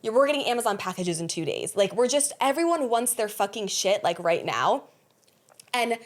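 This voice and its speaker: A young adult woman hosting a podcast, talking bluntly in a casual, animated way, with frequent swearing. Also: on the high side. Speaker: podcast host.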